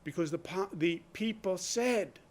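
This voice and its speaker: A man's voice: sits high, unhurried. A man speaking as a state governor in a public briefing, blunt and emphatic, driving his points home with rhetorical questions. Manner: blunt, conversational.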